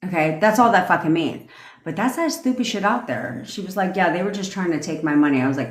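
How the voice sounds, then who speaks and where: Woman, deep voice, blunt profane livestream rant, echoey room. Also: lively intonation. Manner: blunt, profane, laughing, fast asides. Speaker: manifestation coach.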